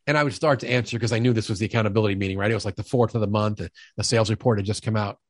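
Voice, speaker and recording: A man's voice: fairly low pitch, steady tone, very fast, dry recording, studio quality. A middle-aged man guesting on a sales-leadership interview, talking energetically and emphatically, often acting out quoted dialogue. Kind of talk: conversational podcast interview.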